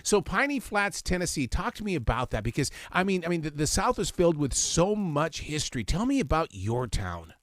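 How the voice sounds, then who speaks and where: Radio host guy, real lively up-and-down voice, eager, trips over his words, kinda high, dry sound. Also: fairly quick, few pauses, dry recording. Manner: enthusiastic, animated, stammers on repeated words. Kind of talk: casual radio interview.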